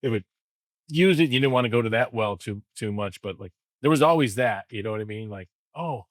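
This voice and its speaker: A man's voice: fairly low pitch, fairly quick, no echo. A middle-aged man, a former wrestling writer, chatting loosely on a podcast and acting out lines he remembers. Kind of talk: casual podcast chat.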